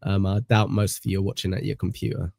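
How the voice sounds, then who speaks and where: A man's voice: low-pitched, flat delivery, fast talker, gravelly, a little mellow, dry recording, studio quality. A British man from England hosting a podcast, rambling casually with lots of fillers and self-deprecating asides. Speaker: podcast host. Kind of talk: casual chat.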